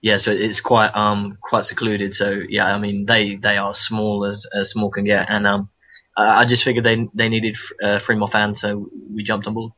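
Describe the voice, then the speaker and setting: A man's voice: fairly low pitch, completely flat delivery, normal speed, pushed and bright, lo-fi sound. A man co-hosting a football podcast, chatting casually with frequent hesitations. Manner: hesitant, lots of ums and restarts. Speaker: podcast co-host. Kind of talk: casual chat.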